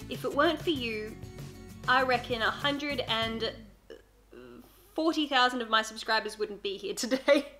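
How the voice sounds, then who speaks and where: Young female vlogger, bright and slightly high, giggly and heartfelt, soft music underneath. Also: normal speed. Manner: earnest and emotional, with frequent giggles. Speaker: beauty YouTuber. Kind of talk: casual unboxing vlog.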